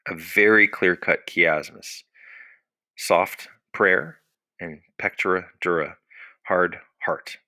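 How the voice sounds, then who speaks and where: A man's voice: sits low, takes it slowly, pushed and bright, dry recording. A man teaching a recorded Latin lesson, explaining patiently and asking questions that he answers himself.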